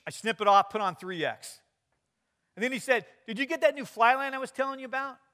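A man's voice: very high-pitched, fairly quick, bright, forceful tone. A middle-aged man preaching a sermon, telling stories with quoted dialogue and light humor. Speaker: pastor.

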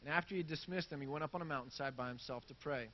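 A man preaching a sermon with a fairly high voice and easy, conversational delivery. He reads scripture aloud and animates the crowd's reactions in everyday speech. The recording sounds dull and lo-fi. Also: racing. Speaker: pastor.

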